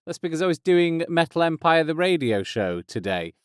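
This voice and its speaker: A man's voice: a little high, big pitch swings, moderate pace, clean tone, no echo. A man in his thirties hosting a casual podcast intro, rambling and self-deprecating on a close mic. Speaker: host. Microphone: close studio mic.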